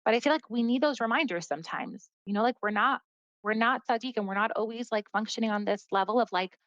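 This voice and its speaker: A woman's voice: on the high side, quick pace, fairly bright tone, dry recording. Earnest woman guest, dry dull audio. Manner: earnest, heavy use of "like" as a filler. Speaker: podcast guest. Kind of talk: casual conversational storytelling.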